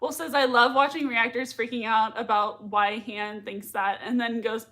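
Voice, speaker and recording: Young female reaction host, excitable and gushing, high-pitched voice. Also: a little slow. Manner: excitable, gushing, repeats herself. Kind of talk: live reaction stream, reading chat.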